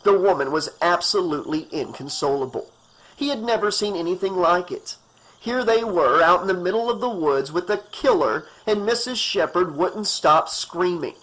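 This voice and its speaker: A man's voice: sits high, expressive, moderate pace, sharp tone, low-quality recording. A man reading a horror novel aloud as an audiobook narrator, in a tense, dramatic way.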